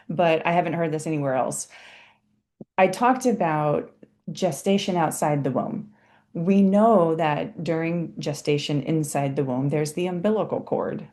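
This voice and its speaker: A woman teaching parents in a casual live online session, chatty and animated, often laughing as she explains. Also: sits low. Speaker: parenting educator. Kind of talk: casual live webinar talk.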